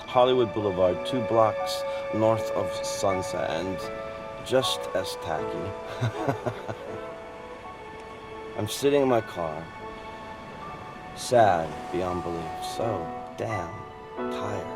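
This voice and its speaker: Over loud music, a man with a low voice performs a dramatic film monologue, speaking slowly and pausing often. He plays a weary, wistful gay storyteller who swings between fervent outbursts and hushed confessions.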